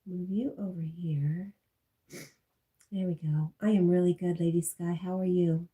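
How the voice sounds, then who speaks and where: A congested woman hosting a casual livestream, chatting and reading viewer comments aloud, often dropping to a soft whisper. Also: fairly low pitch, little pitch movement, measured pace, slightly rough. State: congested from allergies. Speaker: livestream host.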